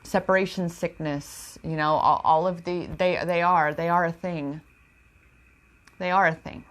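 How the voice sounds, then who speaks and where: Woman, empowerment coach, slightly low voice, raw and confiding spiritual vlog monologue. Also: fairly even intonation, unhurried. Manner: emotional, confiding, addresses viewers as goddess; spiritual self-help talk.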